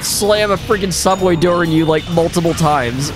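A young man giving excited, swearing live commentary on computer fights, laughing often and tripping over his words. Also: a little high, moderate pace, music in the background. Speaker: gaming video host.

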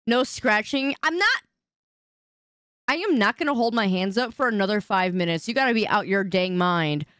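A woman's voice: mid-range voice, lively intonation, normal speed, a bit bright, smooth, dry recording, clean studio sound. A woman streamer in casual live-stream chat, whiny and indignant as she bickers with her chat.

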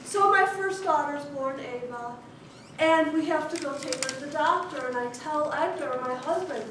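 A woman in her thirties from Chicago, giving a humorous speech to an audience with a wry, deliberate storytelling manner. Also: high-pitched. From Chicago, USA. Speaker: contest speaker. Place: large echoey hall before an audience. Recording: echoey hall, distant mic, noisy.

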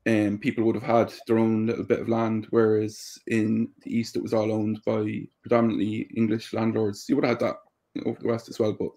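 Irish man from Drogheda explaining calmly. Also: fairly low pitch. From Ireland. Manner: thoughtful, explains at length with many ums. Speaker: podcast guest. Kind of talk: casual interview chat.

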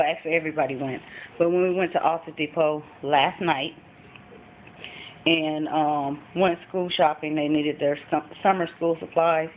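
A woman vlogging at home as a mom, chatting casually through a thrift haul with frequent ums. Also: low voice. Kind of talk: casual show-and-tell chat. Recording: phone-like lo-fi with faint background noise.

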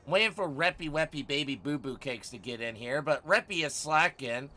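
Live-streaming a game from home, a man chats casually with his viewers, teasing, swearing and often bursting out loudly. His voice sits on the high side and is expressive, and he talks briskly.

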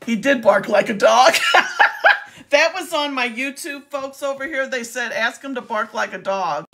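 A woman's voice: fairly high pitch, normal speed, a bit bright. A woman live-streaming while baiting a scammer, talking in a teasing, theatrical and playful way. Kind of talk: casual live-stream talk.

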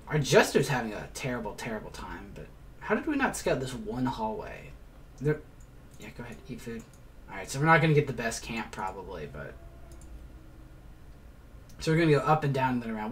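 A man in the middle of a relaxed let's-play session, talking his viewers through the game. He explains as he goes, drops the odd curse and mutters little asides, his pitch sitting in an ordinary middle range. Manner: chatty, explains as he plays, swears and mutters asides. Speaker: let's player. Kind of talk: casual gameplay commentary.

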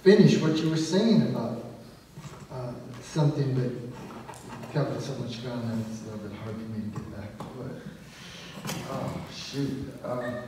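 A man's voice: mid-range voice, measured pace, noisy background. A man in an audience asking a question, hesitant and searching for words, in a large museum auditorium. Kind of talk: question from the floor. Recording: echoey hall, mic far off.

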